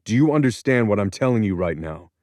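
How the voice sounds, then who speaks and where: A man's voice: low voice, steady tone, normal speed, darkish tone, no room sound, studio quality. A man voicing an angry young adult son, clipped and confrontational in an audiobook. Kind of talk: audiobook character voice.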